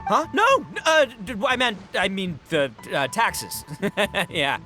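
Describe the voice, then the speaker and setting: A man's voice: sits high, wildly swooping pitch, slow, sharp tone, faint music behind, exaggerated voice. An actor playing a brash, boastful young male gang boss in a video game, boisterous and laughing, tripping over fillers. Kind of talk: game voice acting.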